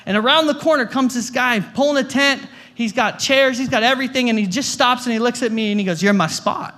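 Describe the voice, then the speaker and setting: Male guest pastor, young adult, high bright voice, chatty sermon storyteller, trips over repeated words. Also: quick pace, a little hiss or hum. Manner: stammering restarts, repeats words; conversational, jokey asides.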